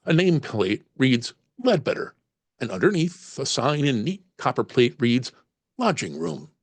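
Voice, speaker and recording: A man's voice: mid-range voice, animated, moderate pace, no echo. A man narrating a solo tabletop horror game as game master, reading passages aloud and musing over the choices. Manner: reads aloud, then muses on choices.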